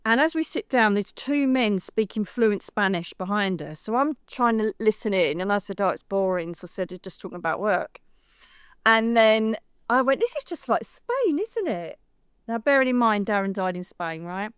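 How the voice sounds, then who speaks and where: English woman, middle-aged, animated storyteller, clear smooth voice, close dry sound, acts out quoted lines. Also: medium pitch, a little fast, hardly any pauses, no room sound. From United Kingdom. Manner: lively, acts out quoted voices, says "darling". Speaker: psychic medium guest.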